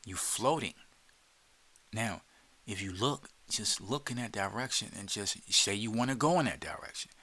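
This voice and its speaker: Jersey-accented male podcast host, bright voice, streetwise coaching that slips into whispers. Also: lowish voice, moderate pace. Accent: New Jersey. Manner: loose and streetwise, repeats words, drops into whispers. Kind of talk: casual guided instruction.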